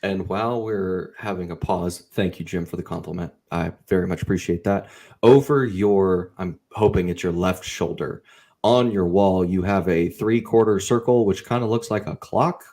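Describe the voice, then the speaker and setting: A man appearing as a guest author in a casual video-call interview, talkative and animated, with loud laughs. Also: low-pitched, moderate pace.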